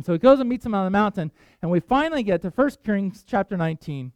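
Animated high-voiced male preacher. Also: fast talker, clear, resonant tone, dry recording. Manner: animated storytelling, voices Bible figures, pitch jumps for excitement. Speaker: pastor. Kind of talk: sermon.

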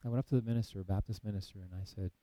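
Low, mellow-voiced man telling a testimony. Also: steady tone, racing, no room sound, low-quality recording. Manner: earnest storytelling, reenacting conversations with many fillers. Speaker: missionary ministry leader. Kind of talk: personal faith testimony storytelling.

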